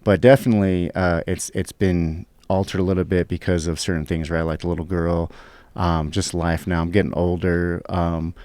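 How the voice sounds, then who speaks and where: A man's voice: deep voice, level tone, normal speed, a little mellow, no echo. A young man chatting casually on a podcast, rambling with lots of fillers and swearing. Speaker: guest, pro fighter.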